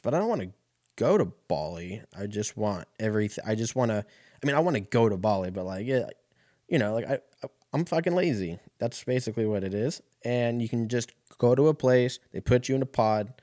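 A man's voice: lowish voice, lively intonation, brisk, mellow, no room sound, studio quality. A man in his thirties telling a casual, rambling, profane story as a podcast host.

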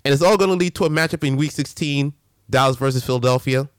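A man hosting a casual sports rant, animated and full of slang and restarts. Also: medium pitch, fast talker, clear, resonant tone, no echo, studio quality. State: a little winded. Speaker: sports show host.

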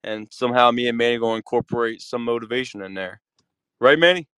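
A man in his thirties talking casually on a podcast, retelling a workplace run-in with lively emphasis and loose cursing. His voice is dry and close, with no room around it, at a middle pitch. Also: fast, clean tone, no room sound. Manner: storytelling, animated retelling with curses. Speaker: podcast co-host. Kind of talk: casual chat.

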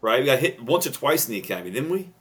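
A man, a retired police officer on a podcast, telling stories with rambling restarts and rising loud when excited. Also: mid-range voice, very fast, crowd noise. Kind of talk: casual storytelling chat.

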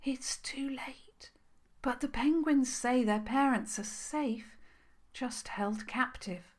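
Whispered role-play: a gentle storybook hare, snuffling, high and soft; played by a woman. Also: slow. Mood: urgent. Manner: snuffling, hushed. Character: gentle hare companion, urgent.

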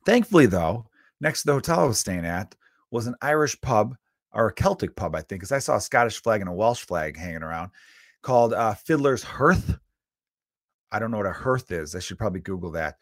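A man hosting a comedy podcast, telling a long profane story in an animated, casual rant and acting out his own inner voice. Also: lowish voice, quick pace, dry recording, studio quality.

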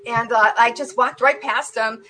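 Talk show guest, a woman with a fairly high voice; animated storyteller who acts out the dialogue, casual with lots of fillers. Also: moderate pace. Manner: animated, acts out the dialogue with big jumps in pitch and loudness; loose and conversational, with many fillers. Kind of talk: telling a personal faith story.

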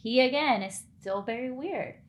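A woman's voice: on the high side, normal speed. A woman podcast co-host telling a story in casual chat, acting out the lines of the people in it. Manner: animated, acts out quoted dialogue.

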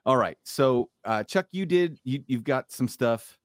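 A man's voice: mid-range voice, animated, unhurried, no room sound, studio quality. A man hosting a podcast, joking and swearing as he steers the chat. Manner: joking, profane, steering the talk. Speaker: podcast host. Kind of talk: casual chat.

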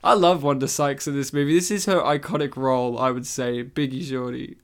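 A young man co-hosting a casual movie commentary, joking and bantering quickly with friends. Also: mid-range voice, steady tone. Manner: jokey, quick banter with silly quoted voices. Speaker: podcast co-host.

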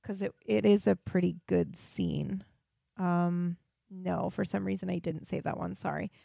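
A woman's voice: lowish voice, steady tone, a little slow, vocal fry, warm tone, dry recording. A woman co-hosting a casual TV recap podcast, chatty, retelling scenes and acting out the lines on a close mic. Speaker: podcast co-host.

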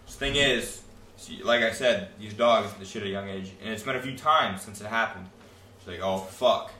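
A man's voice: lowish voice, normal speed, bright, forceful tone, slight background noise. Young man telling a crude story, roomy. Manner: crude, rambling, laughing anecdote. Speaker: storyteller among friends. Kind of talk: casual profane storytelling. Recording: roomy sound from a distant mic.

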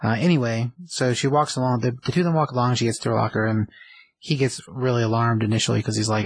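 A man's voice: mid-range voice, fairly even intonation, quick pace, gravelly, husky, dry recording, rough recording. A man casually retelling a TV episode, rambling with lots of fillers. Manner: rambling, filler-heavy, conversational. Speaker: show recapper.

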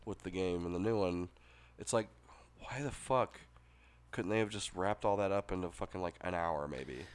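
Deep-voiced man ranting about games. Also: moderate pace, clean tone. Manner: exasperated ranting, heavy swearing. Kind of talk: casual chat about video games.

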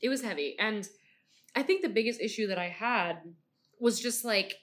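A woman co-hosting a podcast, chatting casually about a book, animated and swearing freely as she acts out her reactions. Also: mid-range voice, moderate pace. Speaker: podcast co-host. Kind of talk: casual book-review chat.

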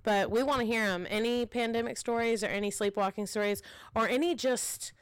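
This podcast co-host, a mom in her thirties, tells an animated story in casual conversation and acts out the lines she quotes. Her voice is fairly high, fairly quick and smooth, with no echo.

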